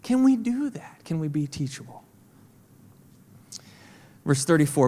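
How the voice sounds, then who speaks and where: A man preaching a sermon as senior pastor in a church, conversational and animated, acting out the voices of children and God. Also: a little high, measured pace, long pauses. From St. Louis, Missouri. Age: adult with kids. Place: church auditorium. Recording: reverberant church hall.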